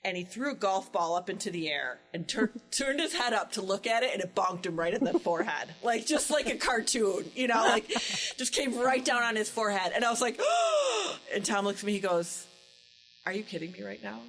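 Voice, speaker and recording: Co-host: middle-aged woman, lively storyteller who acts out quotes, with faint music behind her. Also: mid-range voice, a little fast, low-quality recording. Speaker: podcast co-host. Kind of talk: casual chat.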